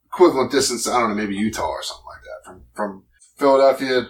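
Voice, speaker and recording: A man's voice: medium pitch, fast talker, recorded from a distance, low-quality recording. A man co-hosting a podcast in casual chat, rambling and often trailing off mid-thought. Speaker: podcast co-host.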